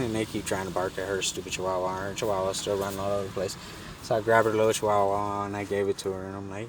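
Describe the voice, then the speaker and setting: A man with a low voice spins a casual, animated story, swearing freely and acting out the people he met. He sits away from the mic, with faint background noise behind him. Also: quick pace, distant mic. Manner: animated, profane, acts out the people in his story. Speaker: vlogger telling a story.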